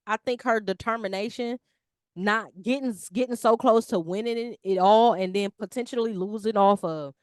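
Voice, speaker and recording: A woman co-hosting a casual sports talk show, lively and full of slang. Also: mid-range voice, moderate pace, no echo, clean studio sound. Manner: animated, slangy, lively talk about basketball. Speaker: podcast co-host.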